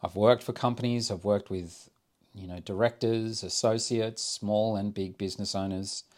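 A middle-aged man, an architect hosting a solo podcast and talking in a measured, reflective way as he thinks aloud into a close microphone. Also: on the low side, fairly even intonation, a little mellow. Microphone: close desk microphone.

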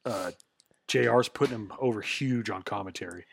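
A man's voice: on the low side, moderate pace, creaky. A man co-hosting a casual chat, chiming in with short agreements and added details. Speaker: podcast co-host.

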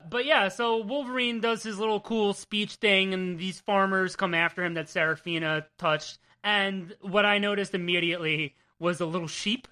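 A young man with a New Jersey accent co-hosts a comic book podcast, chatting casually and animatedly while teasing his co-host and swearing freely. His voice is high and smooth, at a normal speed with few pauses.

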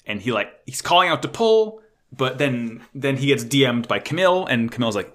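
A man excitedly recapping an anime episode in casual chat, swearing often and gushing like a fan. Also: mid-range voice, a little fast.

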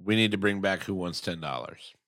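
A man co-hosting a casual podcast chat, teasing dryly with deadpan asides. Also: low voice, fairly quick. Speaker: podcast co-host.

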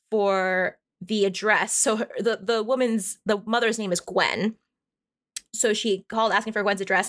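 A woman's voice: mid-range voice, a bit bright. Chatty, swearing woman podcast host. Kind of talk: casual chat recapping a story.

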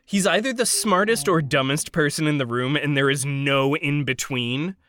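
A man co-hosting a casual podcast chat, enthusiastic and quick to laugh. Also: a little high, a bit bright. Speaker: podcast co-host.

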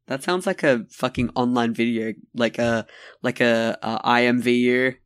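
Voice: mid-range voice, steady tone, normal speed, smooth, no echo, clean studio sound. A podcast co-host chatting casually, joking, laughing often and swearing. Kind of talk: casual chat.

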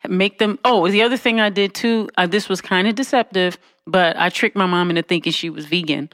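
A woman on a podcast telling a family story in casual chat, animated and laughing, with frequent asides to her listeners. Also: a little fast, dry recording, clean studio sound. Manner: animated, laughing, acts out quotes in a high voice; conversational, with frequent "you know what I'm saying".

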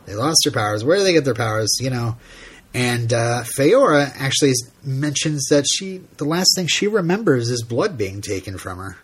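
A man's voice: mid-range voice, lively intonation, normal speed, husky. A man hosting a podcast, recapping a TV episode in casual, rambling chat full of fillers and laughter. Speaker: podcast host.

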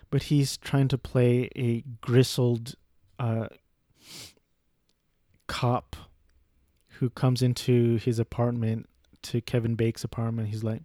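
A young man talks through a film review in a loose, rambling way, full of restarts, side comments and casual swearing. His voice is dark and mellow and sits at an ordinary pitch. The sound is dry and close, with no room around it. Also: dry recording. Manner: rambling, profane, frequent restarts and asides.

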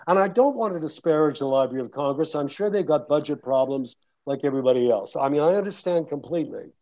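A man's voice: a little high, animated, quick pace, hardly any pauses, dark tone. A man who narrates audiobooks, talking casually to an audience in a rambling way with many restarts and fillers. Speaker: audiobook narrator and guest speaker.

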